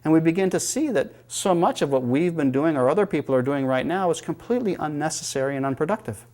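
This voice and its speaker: A man teaching yoga philosophy in a calm, reflective manner and telling teaching stories. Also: fairly high pitch, fast talker. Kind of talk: spiritual lecture.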